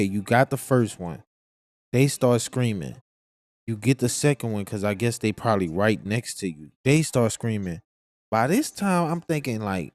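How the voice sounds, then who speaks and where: Animated, slangy man reacting to news. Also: medium pitch, no echo. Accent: Southern US, New Orleans. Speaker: livestream host reacting to news. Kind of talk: casual livestream commentary.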